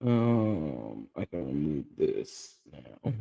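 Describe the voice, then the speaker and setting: A man's voice: extremely low pitch, big pitch swings, drawn-out words, gravelly, dark tone, husky, long reverb tail. A man with a scratchy voice, casually hosting a livestream and chatting with viewers by name. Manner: greets viewers by name, drawls "child" and "y'all". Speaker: livestream host recapping a reality show.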